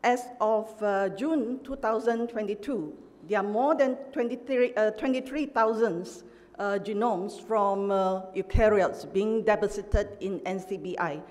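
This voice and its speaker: A middle-aged woman delivers an academic lecture in a measured, emphatic way, stopping often with small "uh" pauses. Her voice sits at an ordinary pitch for a woman. The sound carries a long reverb from a large lecture hall. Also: darkish tone. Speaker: professor giving an inaugural lecture.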